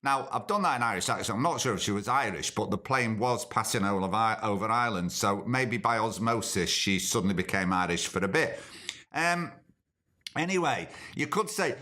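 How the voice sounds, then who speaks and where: A man's voice: mid-range voice, expressive, moderate pace, bright, forceful tone. A man hosting a podcast as a casual, jokey monologue full of sardonic asides. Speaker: podcast host.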